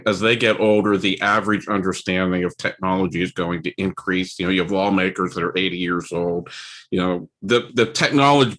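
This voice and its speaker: A man speaking as a panelist in a conference discussion, measured and halting. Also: deep voice, fairly bright tone, poor audio.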